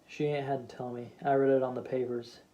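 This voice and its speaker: A man's voice: medium pitch, flat delivery, a little fast, dark tone, highs cut off, close to an everyday voice. Man reading a steadfast reproachful wife. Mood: accusing.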